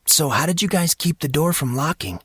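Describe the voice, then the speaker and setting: A man's voice: a little high, animated, normal speed, fairly bright tone, breathy edge, no room sound, studio quality, pitched above the performer's own voice. A man voicing a clever but awkward fourteen-year-old boy who sounds sheepish and asks questions.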